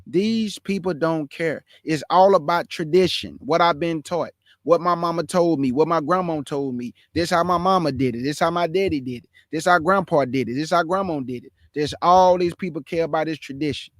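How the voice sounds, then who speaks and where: Emphatic high-voiced male preacher, dry sound. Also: moderate pace, few pauses, no echo. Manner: emphatic, repetitive preaching cadence. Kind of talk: impassioned sermon.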